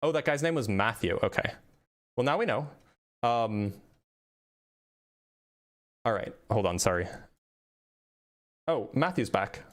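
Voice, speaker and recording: A man's voice: medium pitch, lively intonation. Chatty, self-deprecating male streamer. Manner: quick, chatty, self-deprecating, restarts often. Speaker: debate stream host. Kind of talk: casual live-stream chat.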